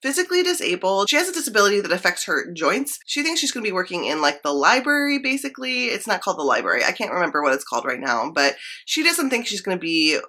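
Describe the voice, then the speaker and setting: Young woman, casual book vlog chat, enthusiastic, filler-heavy, bright clear tone. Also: medium pitch, big pitch swings, fast, few pauses. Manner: chatty and enthusiastic, frequent "like" fillers. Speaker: book vlogger.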